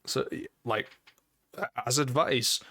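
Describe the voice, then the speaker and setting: A man with a Scottish accent, a game master chatting casually about running games, relaxed and self-deprecating, with casual swearing. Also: mid-range voice, takes it slowly. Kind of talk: casual chat.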